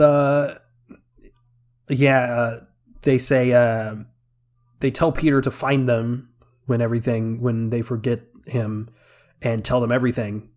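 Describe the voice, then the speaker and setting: A man's voice: mid-range voice, steady tone, measured pace, darkish tone. A man co-hosting a casual podcast, recapping a film scene by scene with lots of fillers and laughter. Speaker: podcast co-host. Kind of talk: casual movie review chat.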